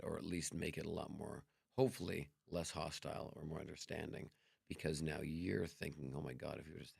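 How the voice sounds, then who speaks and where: A middle-aged man, a guest on a chat show, telling stories in a lively way, acting out both sides of conversations and swearing freely. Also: extremely low pitch, dry recording, clean studio sound. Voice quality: gravelly. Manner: animated, acts out dialogue, swears freely. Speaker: podcast guest. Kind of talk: casual storytelling chat.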